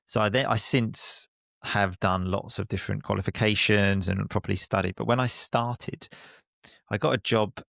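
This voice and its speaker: Essex guy, gravelly lowish voice, chatty and self-deprecating, laughs a lot, dry close mic. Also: fairly even intonation, normal speed, a bit bright, dry recording. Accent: Essex English, softened. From Essex, England. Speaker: guest, English teacher and podcaster. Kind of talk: casual conversation.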